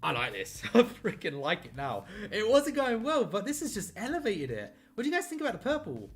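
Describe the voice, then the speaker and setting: A man's voice: high voice, huge pitch swings, brisk, faint music behind. A man chatting casually on a live stream while he draws, rambling and upbeat, often running himself down, with lots of fillers, from his home art studio. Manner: rambling, upbeat, self-deprecating, with many fillers. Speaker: artist live-streaming a drawing.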